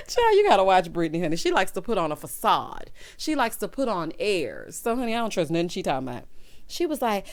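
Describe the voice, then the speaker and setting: A woman talks through a reality show recap in a sassy, chatty way. Her pitch swings all over the place as she acts out what the cast said. She keeps calling her listeners honey and child. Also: fast talker. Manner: sassy, animated, calls listeners honey and child, breaks into laughs. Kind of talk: casual chatty recap commentary.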